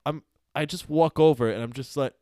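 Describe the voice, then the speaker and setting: A young man co-hosting a podcast, telling a story in lively casual chat with swearing. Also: fairly high pitch, fairly quick, no room sound, clean studio sound. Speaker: podcast co-host.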